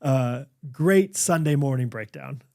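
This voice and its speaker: Gravelly and medium-pitched, a young co-host's voice moves a little slowly as he animatedly recounts a hunting story on a podcast, filling it with fillers. The studio microphone gives a dry, clean sound.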